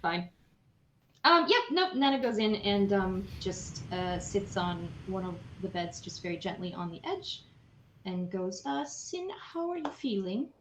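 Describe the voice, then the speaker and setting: A woman's voice: mid-range voice, a little slow. A woman playing in a tabletop game, speaking hesitantly with many fillers. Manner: hesitant, lots of ums and restarts. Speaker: player. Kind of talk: casual tabletop play. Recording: echoey room with faint noise.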